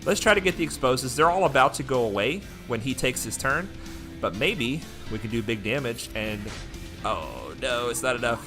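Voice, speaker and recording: A man giving excited live commentary while playing a mobile game, chatting with his viewers as he goes. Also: mid-range voice, moderate pace, music in the background.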